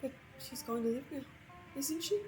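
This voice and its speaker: A woman's voice: high voice, normal speed, darkish tone, faint music behind, pitched above the performer's own voice, natural voice. A desperate young mother, as a woman reads her, pleading in a raised, shaky voice. She sounds close to tears throughout. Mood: tearful.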